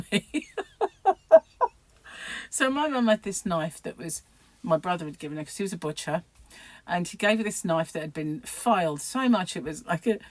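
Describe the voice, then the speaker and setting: A woman's voice: fairly low pitch, dry recording. A middle-aged woman vlogging about crochet in a rambling, chatty way, laughing often. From United Kingdom. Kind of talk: casual chat to camera.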